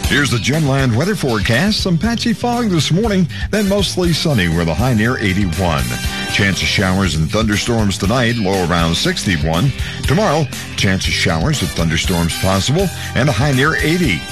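A man's voice: medium pitch, moderate pace. A man working as a radio DJ, chatting upbeat between songs and reading the weather forecast. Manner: lively, upbeat announcing. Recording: music playing behind.

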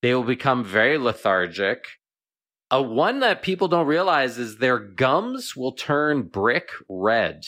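A man's voice: mid-range voice, big pitch swings, a little slow, bright, forceful tone. A man speaking as a veterinarian guest on a radio show, explaining plainly and often repeating words as he thinks.

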